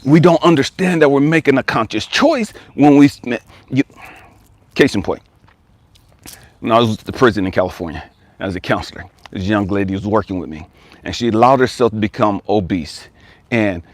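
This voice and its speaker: A man's voice: medium pitch, dry recording. A man who is a life coach, giving an emphatic motivational talk. He repeats key phrases and builds intensity as he goes.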